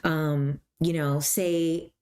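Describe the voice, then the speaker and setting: A woman's voice: low-pitched, little pitch movement, drawn-out words, a little mellow, clear, resonant tone. A woman hosting a self-help talk, speaking casually and conversationally with many fillers. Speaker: host.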